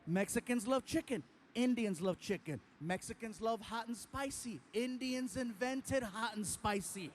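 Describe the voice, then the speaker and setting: A man's voice: extremely high pitch, measured pace, slight background noise. A man performing a stand-up comedy routine, telling a story with animation and acting out other people.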